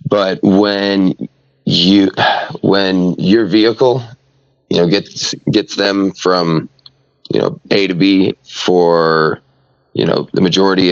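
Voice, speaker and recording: A man's voice: sits low, dry recording, dull audio. A podcast guest, a man, rambling in casual chat with many filler words.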